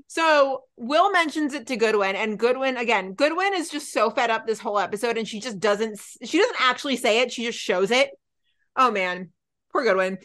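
A young adult woman co-hosting a podcast, recapping a TV episode in casual chat and acting out the characters' lines. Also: on the high side. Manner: animated, acts out characters' lines in quick voices. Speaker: podcast co-host.

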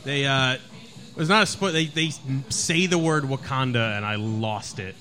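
A man's voice: medium pitch, moderate pace, sharp tone. A young man on a podcast who makes dry jokes and often restarts his sentences. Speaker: podcast panelist. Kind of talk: casual podcast chat.

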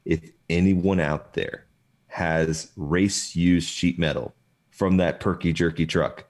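A man's voice: deep voice, fairly even intonation, slow pace, darkish tone. A man co-hosting a racing podcast in casual chat, giving blunt, teasing opinions. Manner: blunt, teasing hot takes. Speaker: podcast co-host.

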